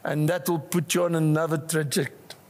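An older man with a South African accent preaching a passionate sermon, swinging between rising cries and hushed asides, in a church. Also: a little high, level tone, brisk. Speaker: pastor. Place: church hall. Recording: church hall reverb.

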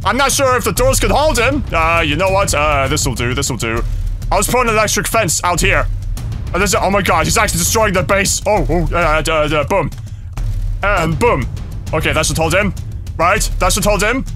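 High, lively, panicky male gamer. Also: moderate pace, soft background music. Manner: panicky, yelps and shouts, rambling fillers. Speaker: gaming YouTuber. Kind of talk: frantic gameplay commentary.

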